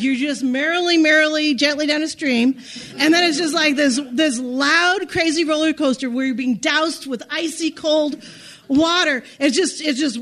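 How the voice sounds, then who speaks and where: A woman telling a personal story in an animated, self-deprecating way, often restarting her sentences. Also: high voice.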